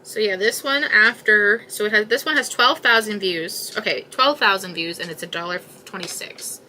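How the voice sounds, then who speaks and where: Young woman, crochet vlog host, bright voice, rambling and exasperated casual chat. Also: medium pitch, normal speed, slight background noise.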